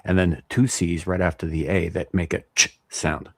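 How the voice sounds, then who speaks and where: Low gravelly guy explaining stuff, husky voice, dry sound. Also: little pitch movement, normal speed, no echo. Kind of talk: casual explaining.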